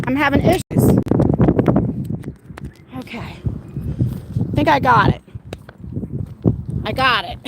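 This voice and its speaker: A middle-aged woman livestreaming from her phone on an outdoor walk, telling rambling, excitable stories to her viewers. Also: high voice, noisy background. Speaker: livestream host. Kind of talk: casual live-stream chat. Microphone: phone held at arm's length.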